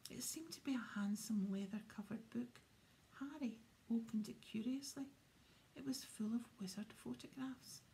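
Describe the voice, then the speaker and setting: A woman reading an audiobook aloud in a soft, hushed way. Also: on the high side, moderate pace, slight background noise. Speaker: audiobook reader. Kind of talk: audiobook narration.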